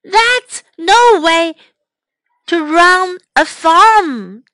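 An eager young farmer from a children's storybook offers to take over the farm, bright and high, as a woman reads him. Her voice sits dry and close to the mic. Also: expressive, drawn-out words, no room sound, full character voice.

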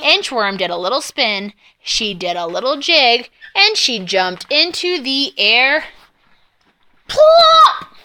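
A woman reading a children's picture book aloud in a slow, expressive storytelling voice. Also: a little high. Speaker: reader.

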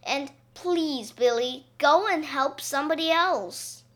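A woman's voice: high-pitched, slow pace, voice pushed up. A woman voicing a kindly but firm town policeman in a children's storybook reading.

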